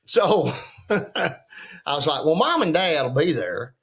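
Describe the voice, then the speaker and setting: A man's voice: a little high, sing-song, slow pace, gravelly, fairly bright tone. A man in his sixties, a retired football coach, telling a story in a casual chat and acting out what other people said in a folksy way. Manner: folksy, acts out the quotes of others.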